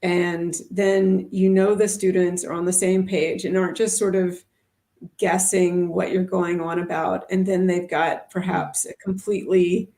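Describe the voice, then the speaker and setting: Chatty woman with a gravelly edge. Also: fairly low pitch, little pitch movement, measured pace, warm tone. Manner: chatty, thinks aloud with many fillers. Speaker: ESL teacher and co-host. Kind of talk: casual livestream chat.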